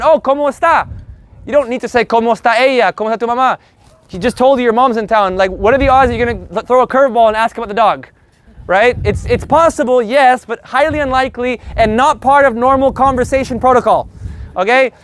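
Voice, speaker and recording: A man's voice: very high voice, slight background noise. A man teaching a casual live Spanish group lesson, brash and joking, swearing casually as he explains.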